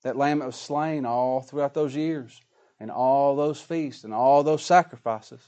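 Male preacher, folksy and dramatic, mid-pitched voice, big swings in volume. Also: unhurried, warm tone, clean tone. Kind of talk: sermon.

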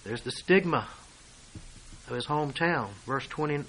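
Higher-voiced man preaching with rising emphasis. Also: animated, a little slow, slight background noise, rough recording. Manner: swings between hushed asides and loud emphatic declarations; reads and explains scripture verse by verse. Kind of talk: sermon.

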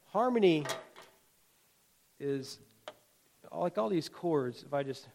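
A man's voice: mid-range voice, lively intonation, measured pace, creaky, pauses often, a little mellow, faint music behind. A man preaching a sermon as a pastor, talking in a folksy, conversational way with humor and asides, and building emphatic, rhythmic exhortations.

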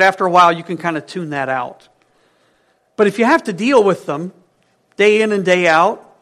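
A male pastor preaching a sermon in an earnest way, moving between emphatic lines and hushed ones. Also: sits high.

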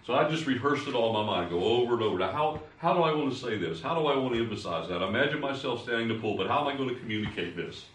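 An older man, a pastor, teaching fellow preachers in an informal, animated way, poking fun at himself and swinging between loud and soft. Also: medium pitch, racing, few pauses, a little hiss or hum. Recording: roomy, distant from the mic.

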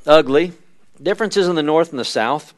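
At a midweek church service, a man gives a conversational church history lesson, frequently pausing on fillers and reading quotations aloud. His voice is fairly high and animated.

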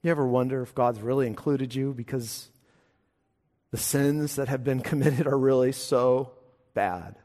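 Emphatic preacher in a reverberant hall. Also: male voice, mid-range voice, a little slow. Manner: emphatic preaching, swinging from hushed to loud. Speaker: pastor. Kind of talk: sermon.

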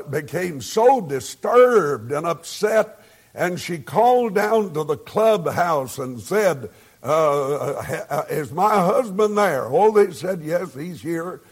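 An older man, a pastor preaching a sermon and telling homespun stories, pausing often with "uh.". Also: sits high, slightly rough. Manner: slow, homespun storytelling with frequent "uh" pauses. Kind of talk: sermon with folksy anecdotes.

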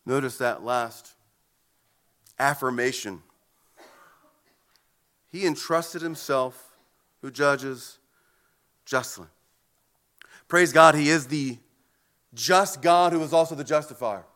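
A man's voice: medium pitch, slow, long pauses, a bit bright. A man preaching a sermon in an earnest way, often repeating words as he goes. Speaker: pastor.

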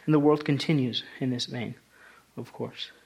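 A man's voice: mid-range voice, steady tone, normal speed, vocal fry, a little mellow, breathy edge. A male pastor preaching a sermon, talking through scripture in a conversational way that rises to emphatic passages.

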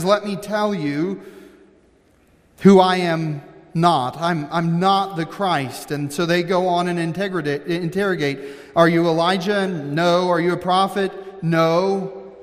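A man's voice: high-pitched, in a large hall. A man, a pastor, preaching an emphatic sermon and reading scripture aloud with commentary.

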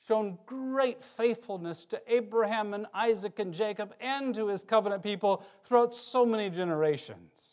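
A man preaching a sermon, reading scripture aloud and swinging between loud emphasis and quiet, low passages. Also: moderate pace, few pauses. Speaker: pastor.

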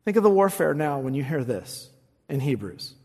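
A man preaching a sermon, reading scripture with emphasis and rising high on the quoted verses. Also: big pitch swings, normal speed, a little mellow, husky. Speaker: pastor. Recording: long reverb of a large hall.

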